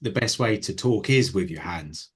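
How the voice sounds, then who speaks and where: Low-voiced man on a video call. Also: animated, moderate pace, breathy edge. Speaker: meeting participant. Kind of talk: casual video call chat.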